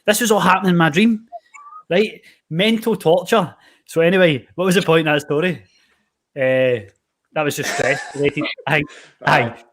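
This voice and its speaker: Fairly high-pitched and at normal speed, broken up by long pauses, this Scottish man hosts a podcast and works as a personal trainer. In relaxed chat he spins meandering, animated stories full of filler words.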